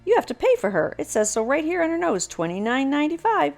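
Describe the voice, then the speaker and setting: A woman's voice: lowish voice, huge pitch swings, brisk, a little mellow, faint music behind, full character voice. A woman voicing a pushy, brash male cashier insisting on payment in a storybook reading. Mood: insistent. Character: pushy store cashier man.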